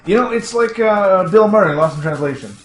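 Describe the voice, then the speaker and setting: A man chatting casually while playing a game, rambling excitedly, laughing often and swearing casually. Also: high voice, fairly quick. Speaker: co-host of a retro gaming show. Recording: echoey room with faint background noise.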